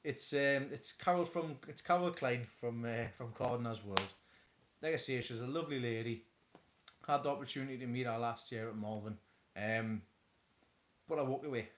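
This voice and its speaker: This is a man hosting a relaxed live stream from his home. He rambles, trips over his words and restarts sentences as he chats. His voice sits at a middling pitch. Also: moderate pace. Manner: rambling, stammering restarts, chuckling. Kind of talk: casual chat.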